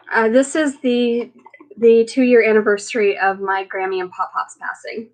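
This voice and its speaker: A woman's voice: a little high, flat delivery, measured pace. A woman hosting a casual live chat with viewers, chatty and rambling, with many fillers, tired and emotional after being sick. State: recovering from illness, emotional. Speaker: livestream host.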